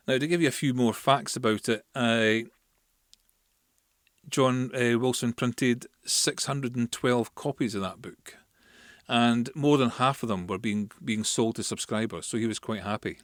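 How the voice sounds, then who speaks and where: A Scottish man with a voice of ordinary pitch talks through a history topic as a podcast host. His delivery is casual and chatty, full of asides. The recording is dry and close, with no room sound. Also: dry recording. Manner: chatty, explains with asides and fillers.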